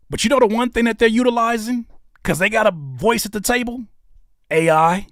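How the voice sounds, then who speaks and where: A man hosting a casual live stream, talking in an animated way that swings between loud outbursts and low muttering. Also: dry recording. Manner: animated, quick shifts between shouting and muttering. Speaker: host of a live stream channel.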